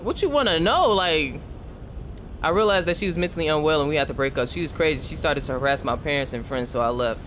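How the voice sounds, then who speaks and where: A man's voice: on the high side, fast, fairly bright tone, slight background noise. A young man giving casual, profane, jokey gameplay commentary. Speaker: gaming streamer.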